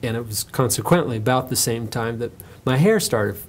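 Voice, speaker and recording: An American man, an author, talking about himself in an interview, telling stories in a relaxed, self-mocking way with fillers. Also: medium pitch, moderate pace. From United States. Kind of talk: interview monologue, telling anecdotes.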